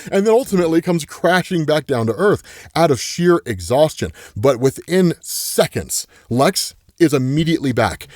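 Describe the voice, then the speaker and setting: Rich: A man recapping a comic book story in casual commentary, his pitch swinging widely as he builds up each beat. His voice sits a bit above the usual range for a man. The sound is dry and close to the mic. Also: dry recording. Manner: animated storytelling, frequent "right?" asides. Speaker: comics explainer host.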